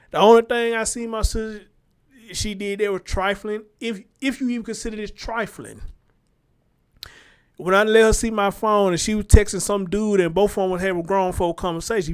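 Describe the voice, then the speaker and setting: High-voiced man, blunt slangy monologue. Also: smooth. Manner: blunt, animated storytelling with heavy slang. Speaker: show host. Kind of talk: casual commentary monologue.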